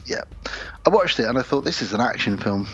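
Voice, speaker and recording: A man's voice: mid-range voice, lively intonation, brisk, breathy edge. Chatty man, slightly muffled audio. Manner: chatty storyteller, swears, acts out quotes. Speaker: podcast co-host. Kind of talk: casual chat.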